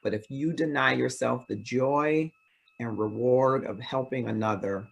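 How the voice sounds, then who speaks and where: A man hosting an interview, asking measured questions and reading passages from the guest's book. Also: mid-range voice, vocal fry, husky, poor audio. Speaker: interview host.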